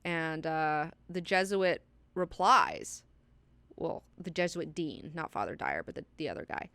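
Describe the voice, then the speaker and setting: A woman's voice: low voice, animated, measured pace, bright, forceful tone, clean tone, no room sound. A woman hosting a casual book class, chatty and candid, with frequent profanity and personal asides.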